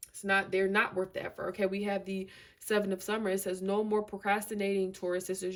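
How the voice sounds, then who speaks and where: A woman's voice: mid-range voice, flat delivery, fast talker. A woman giving a casual tarot reading to camera, emphatic and slangy, repeating herself and filling with "you know" and "like". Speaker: tarot reader.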